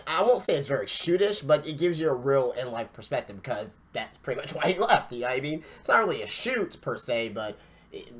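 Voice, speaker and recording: A man's voice: mid-range voice, fairly bright tone. A man hosting a wrestling podcast, reviewing an event in casual talk with swearing and lots of stammered restarts. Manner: ranting, profane, stammering restarts.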